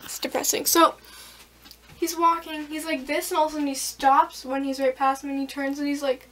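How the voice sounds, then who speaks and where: A woman's voice: high-pitched, level tone, brisk, recorded from a distance, noisy background. A teenage girl vlogging a casual storytime, rambling and giggly with lots of fillers.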